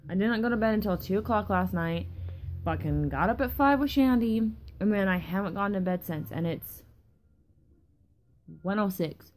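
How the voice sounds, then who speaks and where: A woman's voice: medium pitch, animated, moderate pace, a little hiss or hum. A young woman vlogging in a casual rambling way, tired from lack of sleep, swearing often and losing her train of thought. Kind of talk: casual rambling vlog chat.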